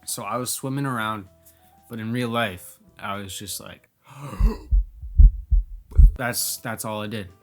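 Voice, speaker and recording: A young man telling a personal story to camera. He talks in a casual, animated way, often says "like", and acts out his own reactions. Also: on the low side, normal speed, soft background music. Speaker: vlogger telling personal stories.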